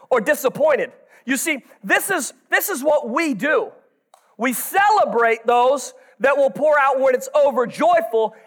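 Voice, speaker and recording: A man in his thirties preaching a sermon with energy, breaking into shouts and joking asides to the congregation. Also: very high-pitched.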